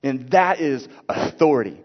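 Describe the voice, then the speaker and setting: A man's voice: mid-range voice, expressive, moderate pace. A man preaching a casual sermon, reading scripture and explaining it in a conversational way, full of fillers and "right?". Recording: dull sound with long hall reverb.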